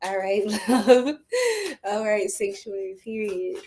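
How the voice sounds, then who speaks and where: A woman's voice: mid-range voice, fairly even intonation, slow pace, a little mellow, a little hiss or hum. A woman giving a casual psychic tarot reading to her viewers, chatty and full of slang, often laughing.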